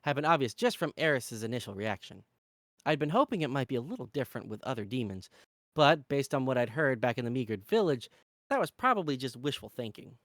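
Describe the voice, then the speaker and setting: A man reading a fantasy novel aloud in an expressive, animated way. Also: mid-range voice, brisk, no room sound, studio quality. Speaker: reader.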